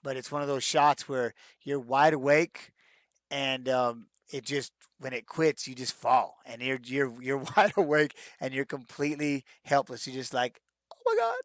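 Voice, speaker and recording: Middle-aged male retired fighter, mid pitch, dry close sound, rambling casual Q&A delivery. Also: fairly even intonation, unhurried, no echo. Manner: rambling, with many restarts and "man, you know" fillers. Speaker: retired fighter answering fan questions. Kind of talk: casual live-stream Q&A.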